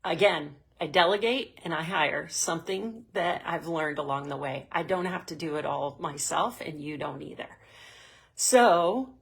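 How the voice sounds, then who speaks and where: Speaking a little slowly in a low, gravelly voice, a middle-aged woman hosts a motivational session for a women's group. Her storytelling is earnest and emotional, and at moments she's tearful.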